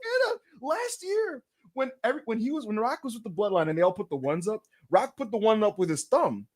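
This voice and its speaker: Ranting on the wrestling podcast he co-hosts, a man talks fairly quickly in a high-pitched voice. He's animated and profane, exaggerating everything in a casual way.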